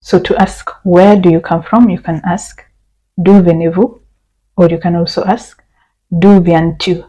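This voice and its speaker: A woman from Kenya giving a beginner language lesson, repeating each phrase slowly and carefully. Her voice sits a little low and sounds mellow, with a soft, husky edge. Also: steady tone, low-quality recording. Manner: patient, step-by-step explaining with repeated example phrases. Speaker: French teacher.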